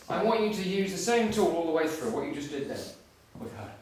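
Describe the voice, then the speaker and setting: A man's voice: on the high side, sing-song, fast talker, darkish tone. A man coaching an actor through a monologue, pushing and coaxing her to commit fully. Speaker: acting coach. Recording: echoey room from far off, background noise.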